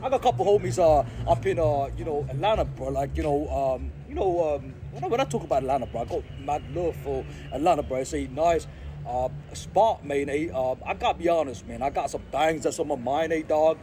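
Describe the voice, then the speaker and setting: Man vlogger from Sri Lanka, slangy and rambling, fairly high voice, outdoors with faint traffic. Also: animated, brisk, dark tone. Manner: slangy, rambling, repeats "hey, dog" and "I gotta be honest". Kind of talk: rambling casual vlog monologue. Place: outdoors in an urban spot.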